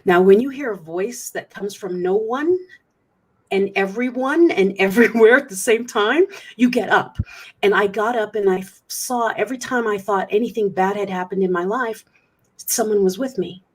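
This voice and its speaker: A middle-aged woman, appearing as an interview guest, tells a personal story in a slightly husky, breathy voice at normal speed. Her pitch is in an ordinary middle range, and she comes across as candid and earnest, with many small restarts as she works through it.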